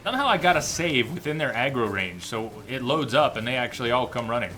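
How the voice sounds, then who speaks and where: A man streaming a game, thinking aloud in casual commentary with sudden loud outbursts. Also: medium pitch, expressive, fast talker. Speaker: gameplay streamer.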